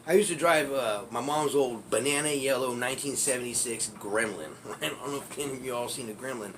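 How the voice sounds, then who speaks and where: A man's voice: mid-range voice, a little fast, a bit bright, slight background noise. A man telling a personal street story in a rambling, profane way, laughing often as he talks. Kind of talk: casual storytelling.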